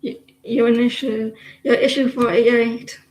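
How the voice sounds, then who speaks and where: A woman's voice: fairly high pitch, level tone, measured pace, a little mellow, reverberant, low-quality recording. A woman giving casual, teasing tarot readings on a live stream, chatting to viewers and laughing often.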